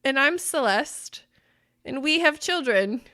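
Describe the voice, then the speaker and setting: A woman co-hosting a podcast, telling stories in an animated way and breaking into loud laughter. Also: high voice, slow. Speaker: podcast co-host. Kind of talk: casual podcast chat.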